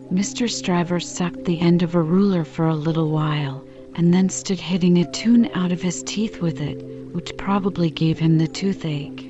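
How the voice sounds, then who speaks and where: A woman's voice: on the low side, steady tone, normal speed, hardly any pauses, dull audio, music in the background. Woman reading a classic novel aloud. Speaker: audiobook reader. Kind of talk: scripted narration.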